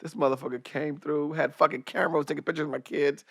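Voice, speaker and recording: Guy with a high voice telling wild stories, cussing a lot, doing everybody's voices, dry close mic. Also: steady tone, fast talker, gravelly, no echo. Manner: profane, acts out voices in his anecdotes. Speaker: guest, comedian and director. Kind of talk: animated storytelling in casual chat.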